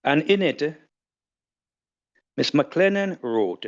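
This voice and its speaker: Older man, formal tribute, unhurried, dull lo-fi recording. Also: fairly low pitch, animated. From Jamaica. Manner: formal, measured and elaborate. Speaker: podcast guest. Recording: dull lo-fi audio.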